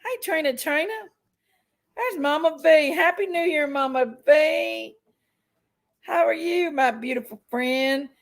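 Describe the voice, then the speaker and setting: A woman chats loosely on her livestream, welcoming viewers by name in a folksy way. Her voice sits high and carries a gravelly edge. She sounds a little under the weather from a sick stomach. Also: slow, poor audio. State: unwell with an upset stomach. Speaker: livestream host. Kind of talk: casual livestream chat greeting viewers.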